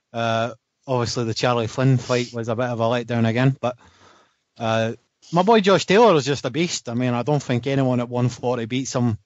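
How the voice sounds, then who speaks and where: A man with a medium-pitched voice co-hosts a casual podcast chat about boxing, heard in lo-fi sound with no room tone. He's enthusiastic, swears freely, and often trails off mid-sentence.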